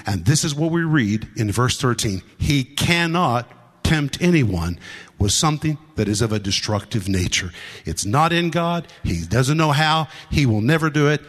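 A man's voice: fairly high pitch, expressive, normal speed, a bit bright. A man preaching a sermon, emphatic and repetitive, stressing his points and acting out the scripture he quotes. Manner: emphatic, repeats lines for stress.

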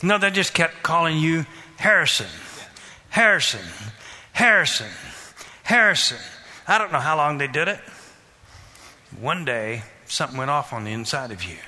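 A man preaching a sermon, questioning the congregation and repeating phrases in a steady rhythm. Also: fairly high pitch, normal speed. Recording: reverberant hall.

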